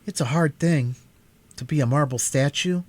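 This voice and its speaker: A man's voice: on the high side, moderate pace, voice pushed up, natural voice. A man reading aloud and voicing a frightened, rebellious young boy who pleads and protests anxiously.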